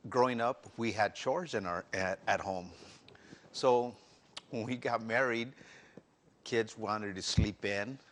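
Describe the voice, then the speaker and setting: A man's voice: lowish voice, slow pace, pauses often, slight background noise. A man speaking as a guest on a faith talk show, candidly telling his own story with earnest restarts. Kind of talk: personal testimony in interview.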